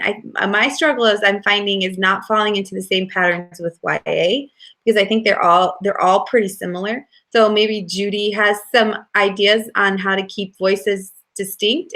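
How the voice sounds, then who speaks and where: Thoughtful woman co-host, mid pitch. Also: a bit bright. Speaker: podcast co-host, author. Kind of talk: casual chat.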